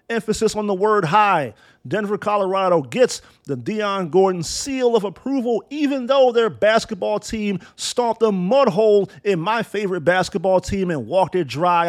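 A man's voice: high voice, lively intonation, normal speed. A man hosting a sports talk show, ranting bluntly and profanely, with sarcastic strings of insults. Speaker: sports podcast host.

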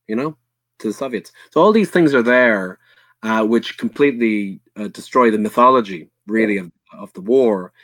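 A man's voice: mid-range voice, animated, normal speed, fairly bright tone, no room sound. A man with an Irish accent talking through history in a casual podcast chat, earnest and blunt, full of fillers and restarts.

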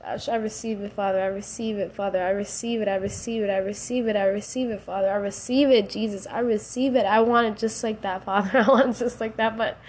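A woman's voice: mid-range voice, steady tone, a little fast, few pauses, a little mellow. A woman hosting a faith podcast, speaking casually and emotionally, tearful at times, slipping into slang and prayer. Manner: emotional, rising to cries and laughs, casual slang. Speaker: podcast host.

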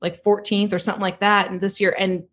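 A woman's voice: medium pitch, level tone, fast, a bit bright. A woman co-hosting a casual talk show, chatty and inquisitive, telling stories with animation. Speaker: podcast co-host. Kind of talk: casual chat.

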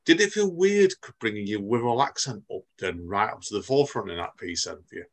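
Fast, husky, eager male host. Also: fairly low pitch, expressive. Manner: eager, effusive, stumbling. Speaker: podcast host. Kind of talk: casual interview chat.

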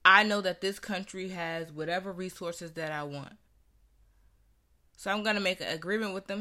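Young woman, bright and forceful tone, candid conversational storytelling, earnest. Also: lowish voice, steady tone, normal speed. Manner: earnest, conversational, acts out quoted voices.

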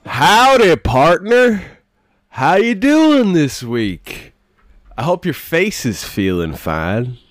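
A man putting on a hammy Southern US accent as a cowboy greeter, higher and louder than his own voice. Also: big pitch swings, slow pace, no echo, faint music behind. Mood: jovial. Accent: put-on Southern US.

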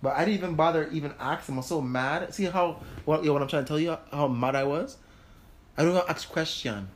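Animated man telling a story. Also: on the high side, fast. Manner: animated, swears, laughs mid-story. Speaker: host. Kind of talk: casual storytelling chat.

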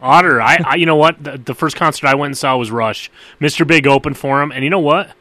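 A man co-hosting a podcast who throws in jokey, crude quips and quick reactions. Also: on the high side, bright, forceful tone, dry recording. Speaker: podcast co-host. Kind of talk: casual banter.

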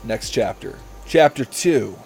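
A man's voice: medium pitch, lively intonation, takes it slowly, creaky, music in the background. A man hosting a comedy podcast, reading a story aloud and often breaking into giggles.

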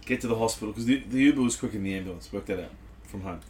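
A man's voice: on the low side, very fast, a little mellow, a little hiss or hum. A man co-hosting a podcast, telling a story outdoors by a marina with a laugh. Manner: laughing anecdote teller. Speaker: podcast co-host. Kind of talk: casual chat.

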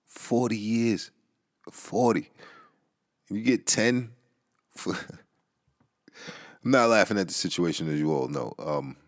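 A man's voice: deep voice, lively intonation, a little slow, pauses often. A man hosting a casual podcast monologue. He talks in a loose, rambling way, with many fillers, restarts and profanity, and gets heated at times. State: relaxed from smoking. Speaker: podcast host. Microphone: home podcast mic.

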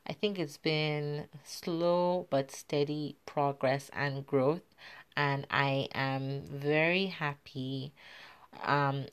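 A woman hosts her podcast in a casual, chatty monologue. Her voice sits low and comes across smooth and clear, with a smile in it. She talks freely, with plenty of ums along the way. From Africa. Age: adult mother. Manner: chatty, warm asides with fillers; smiling while talking. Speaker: podcast host.

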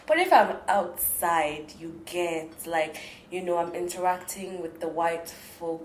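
Animated young woman, lively voice. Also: mid-range voice, normal speed, background noise. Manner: animated, playful, laughs often. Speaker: podcast co-host. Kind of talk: casual chat.

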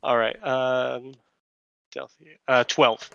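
A man's voice: mid-range voice, little pitch movement, slow pace, creaky, a bit bright, clear, resonant tone, dry recording. A man playing a character in a tabletop game, wry and playful. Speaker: player. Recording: dull lo-fi mic.

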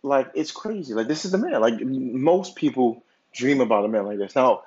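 Husky man rambling on a podcast. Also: medium pitch, expressive, moderate pace, darkish tone. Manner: rambling, filler-heavy storytelling with many "like"s and restarts. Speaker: podcast host. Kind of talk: casual podcast monologue. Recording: dull lo-fi recording.

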